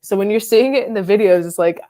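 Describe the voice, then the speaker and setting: Her medium-pitched voice is warm and moves at a quick clip. A fragrance reviewer hosting a live stream, she chats about perfumes from her bedroom, rambling with lots of fillers and giggling often.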